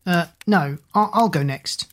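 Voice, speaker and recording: A woman's voice: on the low side, a little slow. A woman doing a panicky teenage girl. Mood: determined. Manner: panicky, pleading. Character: anxious teenage girl, squeamish and dramatic.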